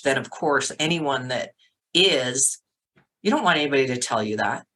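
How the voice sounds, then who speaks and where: A middle-aged woman, a sobriety coach, telling her story as a podcast guest in a lively way, acting out the voices of others and filling her talk with "like". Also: rumbling low, moderate pace, poor audio. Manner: animated, acts out quotes, many "like" fillers. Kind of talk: casual storytelling interview.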